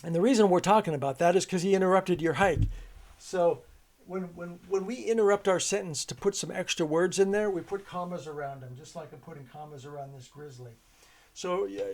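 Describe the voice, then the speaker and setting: A man's voice: fairly high pitch, a little mellow. A man teaching a homeschool grammar lesson, explaining it as a loose, conversational story with many restarts.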